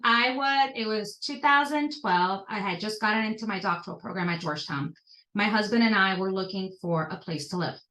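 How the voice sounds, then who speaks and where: A woman in her thirties telling personal stories as a podcast guest, animated and jumping up in pitch when she stresses a point. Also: brisk. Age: 30s. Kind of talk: personal storytelling in conversation. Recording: echoey room.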